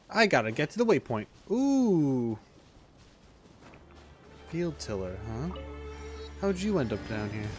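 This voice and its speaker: A man streaming a game in casual let's-play commentary, excitable and rambling, talking to his viewers. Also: a little high, slow, long pauses. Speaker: gaming streamer. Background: faint game music.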